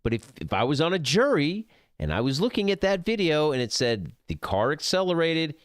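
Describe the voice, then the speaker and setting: A man's voice: a little high, sing-song, fairly quick, no room sound, studio quality. A man streaming a game, ranting casually and profanely, rambling and getting heated. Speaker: gaming streamer. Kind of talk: casual rant over gameplay.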